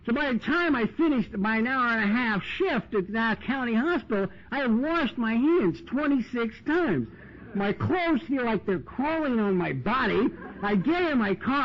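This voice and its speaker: A man speaking at a recovery meeting, telling stories in a chatty way with lots of "you know" and "man", recorded on an old tape. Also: very high-pitched. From United States. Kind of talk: recovery talk storytelling. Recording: dull lo-fi 1990s tape with hiss.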